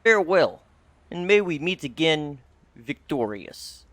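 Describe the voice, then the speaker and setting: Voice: medium pitch, sing-song, a little slow, no echo. A man voicing a grandiose male adventurer with a put-on accent, giving a solemn, theatrical speech. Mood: solemn farewell. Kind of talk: tabletop role-play.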